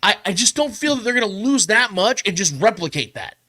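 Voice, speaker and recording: A man hosting a podcast, debating football predictions in a casual, animated way, often repeating himself to drive a point home. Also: sits high, brisk. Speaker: podcast host.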